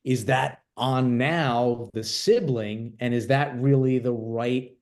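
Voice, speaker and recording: A man speaking as a financial advisor in a webinar discussion, hesitant and filling pauses with uh and you know. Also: mid-range voice. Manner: hesitant, many filler words.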